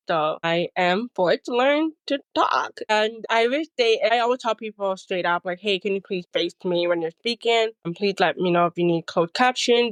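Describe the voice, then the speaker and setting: A woman's voice: fairly low pitch, dry recording. A woman guest talking casually in an interview, telling stories animatedly and acting out the people she quotes, with many "like"s and "you know"s. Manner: says "like" and "you know" often. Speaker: guest, speaker and coach.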